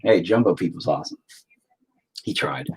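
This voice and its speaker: A man's voice: low voice, animated, moderate pace, noisy background. A middle-aged man chatting casually on a live stream, joking and teasing as a father.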